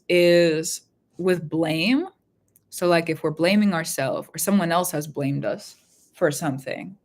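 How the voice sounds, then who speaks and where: A woman hosting a spiritual reading live stream from her room at home, talking in a rambling, heartfelt way and repeating her phrases. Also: low-pitched. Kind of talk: casual live-stream talk.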